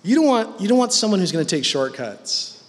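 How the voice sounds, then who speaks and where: A man's voice: high-pitched, sing-song, a little fast, in a large hall. A man preaching a sermon in a conversational, emphatic way.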